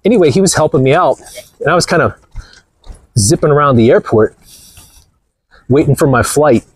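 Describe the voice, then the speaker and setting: A man's voice: on the high side, lively intonation, normal speed, slightly rough, dry recording. A man vlogging outdoors with a phone camera, blunt and mocking, rambling through stories as he walks. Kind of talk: casual walking vlog talk.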